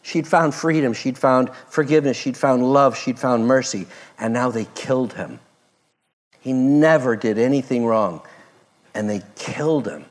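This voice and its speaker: A man preaching a sermon, expressive, moving between loud emphasis and soft, hushed passages. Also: mid-range voice, unhurried. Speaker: pastor.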